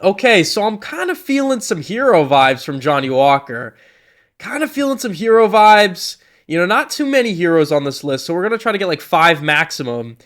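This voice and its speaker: A man's voice: sits high, big pitch swings, normal speed, a bit bright. A young man giving casual, joking tier-list commentary, rambling and cutting himself off as he goes. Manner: rambling, jokey, self-interrupting.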